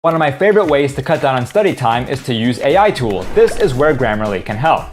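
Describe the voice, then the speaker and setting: A man's voice: medium pitch, sing-song, fast talker, faint music behind. Man giving an upbeat scripted ad read. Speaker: ad presenter.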